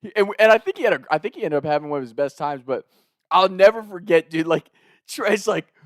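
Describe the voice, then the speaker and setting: Young man, slightly high voice, rowdy storyteller, dry close sound. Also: quick pace, no room sound. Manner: animated, profane, laughing while telling. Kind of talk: casual storytelling.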